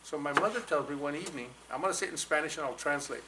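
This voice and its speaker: A man in his sixties from New Mexico, telling an animated personal story to a live audience at a college fireside chat and slipping into Spanish for quoted lines. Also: on the high side, very fast, noisy background. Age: 60s. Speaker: guest speaker. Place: college event hall with audience.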